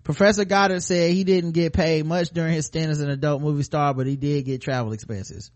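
A man's voice: a little high, steady tone, fairly quick. A man co-hosting a comedy podcast, reading a news story aloud and breaking off for crude jokes. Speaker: podcast co-host. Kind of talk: comic news read with banter.

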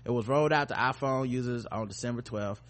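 A man's voice: mid-range voice, fast. A man co-hosting a podcast, reading news stories aloud and joking about them with crude, profane humor. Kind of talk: casual comedic chat and news reading.

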